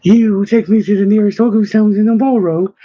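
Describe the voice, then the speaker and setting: A man's voice: high-pitched, fairly even intonation, fairly quick, dark tone, breathy edge, highs cut off, pitched above the performer's own voice. A man voicing a curious, direct young woman scholar in a storybook, in a raised, eager voice.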